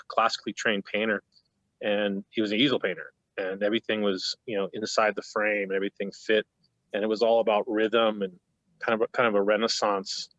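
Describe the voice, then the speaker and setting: A man's voice: fairly low pitch, fairly bright tone, dry recording, dull audio. A man in his fifties, a painter on a panel, telling stories in a rambling, self-interrupting way over a video call. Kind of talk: casual panel talk.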